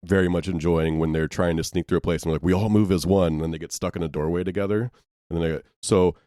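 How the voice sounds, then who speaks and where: A man's voice: low voice, steady tone, racing, darkish tone, clean tone, no echo, studio quality. A man co-hosting a casual movie review podcast, talking in loose, rambling sentences full of fillers. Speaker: podcast co-host.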